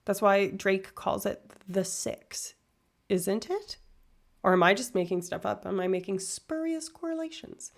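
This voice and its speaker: A woman's voice: medium pitch, measured pace, gravelly. A woman in her thirties, casually chatting with viewers on a livestream and wandering off on tangents with self-deprecating asides. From far north Alberta, Canada. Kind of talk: casual chat reading viewer comments.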